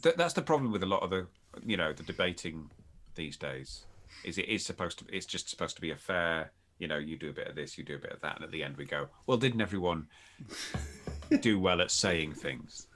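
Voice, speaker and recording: A man's voice: extremely low pitch, lively intonation, fast talker, hardly any pauses, a bit bright. A man who is a guest on a casual podcast chat, musing aloud with jokey asides.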